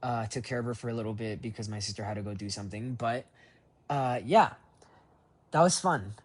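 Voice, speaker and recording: Husky-voiced man rambling in a voice memo. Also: mid-range voice, brisk. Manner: rambling and reflective, with many fillers and restarts. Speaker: voice diary keeper. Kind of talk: personal voice memo diary. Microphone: phone voice memo.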